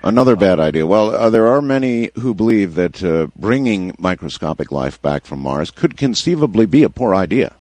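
A man hosting a late-night radio call-in show, measured and wordy with a wry touch. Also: lowish voice, big pitch swings, darkish tone, no room sound. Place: radio studio.

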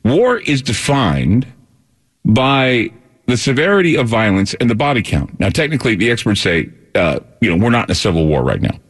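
A man's voice: mid-range voice, big pitch swings, moderate pace, slightly rough. A tired male talk radio host in a rambling monologue, often repeating words and restarting.

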